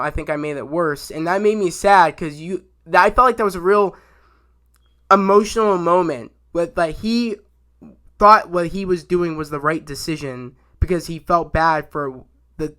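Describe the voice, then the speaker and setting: A young man giving a casual spoken review of a TV episode, rambling and excitable, full of fillers and restarts. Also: on the high side. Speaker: YouTube show reviewer.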